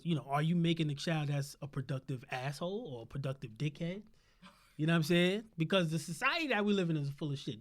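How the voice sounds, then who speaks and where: A man's voice: on the high side, fairly bright tone. A man hosting a casual podcast, preaching with rhetorical questions and a constant "you know what I'm saying". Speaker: podcast host.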